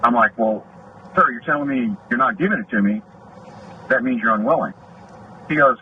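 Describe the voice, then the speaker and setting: Indignant middle-aged deputy, muffled and noisy. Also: male voice, medium pitch, expressive, brisk, pauses often. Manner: indignant, rambling, acts out quoted exchanges. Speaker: sheriff's deputy filing a complaint. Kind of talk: heated complaint retelling. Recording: muffled recording with clear background noise.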